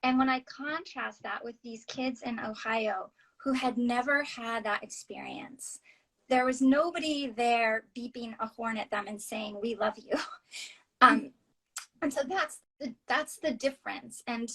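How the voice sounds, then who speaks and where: Earnest, halting woman author on a podcast, higher voice, telling personal stories. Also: low-quality recording. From United States. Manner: earnest, halting, drops softly near a whisper at times. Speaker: author and interview guest. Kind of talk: personal storytelling in conversation.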